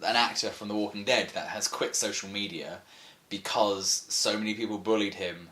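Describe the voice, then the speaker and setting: A man's voice: fairly low pitch, fairly even intonation, normal speed, bright, forceful tone. A man co-hosting a casual podcast, rambling with lots of fillers and restarts. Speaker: podcast co-host. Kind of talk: casual chat.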